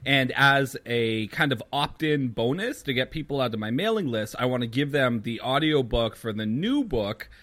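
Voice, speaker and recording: A man co-hosting a podcast in casual chat, animated and joking around. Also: mid-range voice, moderate pace, few pauses. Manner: animated, breaks into silly accents. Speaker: podcast co-host.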